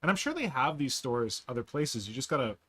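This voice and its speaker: Male host, mid pitch, casual video-call chat, animated storyteller. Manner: chatty, animated storyteller with quick asides. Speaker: podcast host. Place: in Toronto.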